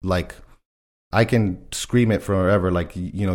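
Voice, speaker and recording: A man co-hosting a podcast, talking earnestly, quick to laugh and acting out his own inner voice. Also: low-pitched, steady tone, a little mellow. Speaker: podcast co-host. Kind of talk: casual chat.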